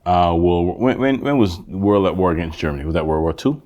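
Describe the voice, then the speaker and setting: A man's voice: sits low, lively intonation, fast talker, a little mellow, highs cut off. A man co-hosting a casual podcast chat, telling rambling stories and backing his partner up with a stream of "yeah, yeah.". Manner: rambling storytelling, constant "yeah yeah" backchannels. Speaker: podcast co-host.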